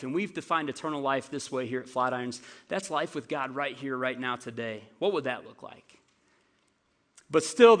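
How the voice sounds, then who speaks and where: A man preaching a sermon as pastor, telling a story in an animated way with frequent stammered restarts, in a church. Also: fairly high pitch. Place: church sanctuary.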